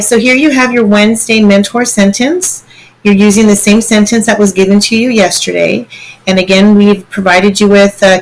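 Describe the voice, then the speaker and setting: A woman's voice: mid-range voice, rough recording. Patient woman teaching a lesson. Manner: patient, explains step by step, checks in with "okay?". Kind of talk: recorded online lesson walking through slides.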